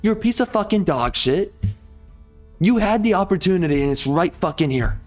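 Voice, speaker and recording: A man's voice: sits high, expressive, normal speed, faint music behind. A male gaming YouTuber delivering an angry, heavily profane rant in a blunt, exasperated way.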